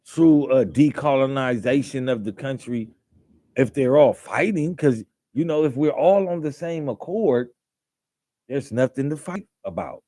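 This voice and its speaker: Male podcast host, slow unhurried talk, warm darker tone, dry close sound, lots of ums and rhetorical questions. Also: mid-range voice, lively intonation, no echo. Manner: rambling, with fillers and repeated restarts; rhetorical questions, mock-quoting others. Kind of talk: casual commentary monologue.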